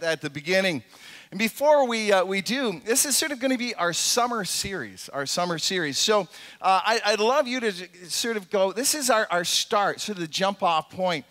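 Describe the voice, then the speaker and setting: Pastor guy preaching in a church, bright voice, chatty, restarts a lot. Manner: casual, rambling with many fillers and restarts; soft, low prayer voice. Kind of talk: sermon. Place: church sanctuary.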